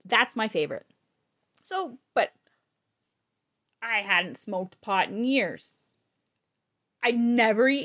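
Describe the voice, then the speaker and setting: A woman's voice: medium pitch, animated, a little slow, pauses often, a bit bright, lo-fi sound. A woman casually telling a personal story, frank and rambling, swearing freely. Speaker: storyteller sharing personal illness experience.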